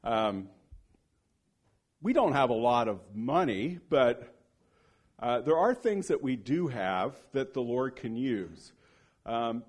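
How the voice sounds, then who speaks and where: A man preaching a sermon, telling a story with lively acted-out quotes and dropping to a hushed low voice on solemn points. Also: slow, long pauses, husky. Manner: animated storyteller who acts out quoted speech.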